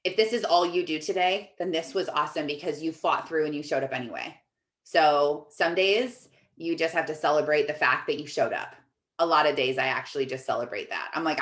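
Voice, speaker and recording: Low-voiced woman coach on an echoey call. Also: moderate pace, a bit bright. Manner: chatty, upbeat, reads comments aloud. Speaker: life coach hosting a group call. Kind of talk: casual encouraging talk to a live chat.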